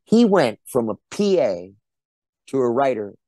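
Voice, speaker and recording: A man's voice: medium pitch, sing-song, measured pace, dark tone, no room sound. A middle-aged man, an actor being interviewed, telling casual anecdotes and acting out the quotes. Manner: chatty storyteller, acts out quotes. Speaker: actor guest.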